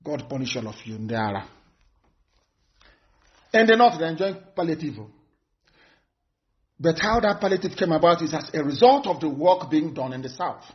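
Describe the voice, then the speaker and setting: Nigerian man, activist orator, high for a male, scornful and emphatic, dull lo-fi broadcast sound. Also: expressive, normal speed, long pauses. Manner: fiery, scornful, repeats phrases for emphasis. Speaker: political activist. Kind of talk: impassioned live broadcast speech.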